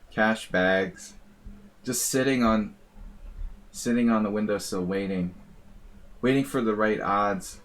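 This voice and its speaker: With a fairly low, fairly bright voice, this male chess streamer plays blitz and chats loosely on his live stream, rambling wryly and chuckling at his own humor.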